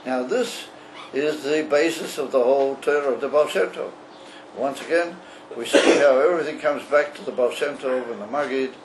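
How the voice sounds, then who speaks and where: Over a noisy background, a man with a mid-range voice, a rabbi, teaches from a religious text. He proceeds slowly and falters often, filling gaps with pauses and fillers.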